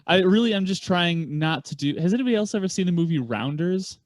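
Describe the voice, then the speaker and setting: Man, tabletop player, rambling and self-deprecating, fairly high voice, dry close mic. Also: animated, fast talker, no room sound. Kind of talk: casual chat at a tabletop game.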